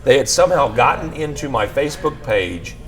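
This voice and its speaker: A man's voice: mid-range voice, animated, fairly quick, low-quality recording. A man hosting a livestream from a bar, telling a story in a rambling way and circling back to restart his sentences. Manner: rambling, restarts with "what had happened was". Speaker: podcast host telling a story. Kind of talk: casual storytelling.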